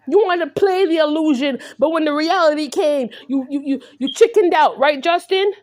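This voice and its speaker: A woman's voice: high voice, moderate pace, darkish tone. A woman in an angry, confrontational rant to the camera, repeatedly asking "right?". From California. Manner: confrontational, repetitive, peppered with "right?". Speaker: vlogger.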